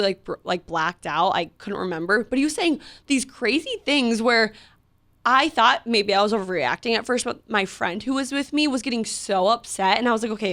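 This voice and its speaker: A young woman in her twenties co-hosts a casual podcast chat, her voice sitting at an ordinary middle pitch. She tells stories with animated energy and leans on "like" constantly. She restarts her sentences often and laughs along the way. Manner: animated storytelling, heavy use of "like", frequent restarts and laughs. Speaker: podcast co-host.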